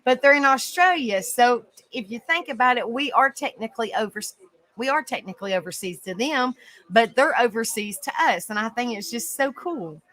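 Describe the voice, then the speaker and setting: A woman's voice: fairly high pitch, animated, moderate pace, a bit bright, poor audio. A woman hosting an open panel in casual chat, rambling with lots of fillers and frequent giggles.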